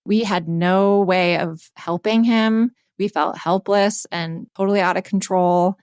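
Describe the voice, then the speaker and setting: A woman's voice: medium pitch, fairly even intonation, unhurried, a little mellow, clear, resonant tone, no echo, studio quality. A woman in her thirties, co-hosting a podcast, candidly retelling a story with casual swearing. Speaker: podcast co-host.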